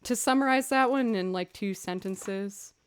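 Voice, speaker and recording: A woman's voice: medium pitch, measured pace, clear, resonant tone. Chatty young woman telling stories on stream. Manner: chatty, animated storytelling with laughs. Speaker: livestreaming musician. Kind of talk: casual chat with stream viewers.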